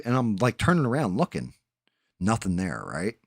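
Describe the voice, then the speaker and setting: A man's voice: lowish voice, huge pitch swings, moderate pace, slightly rough, dry recording, studio quality. A man, telling rambling, profane stories in a casual chat as a stream host. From New Jersey. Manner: rambling, profane, laid-back storyteller.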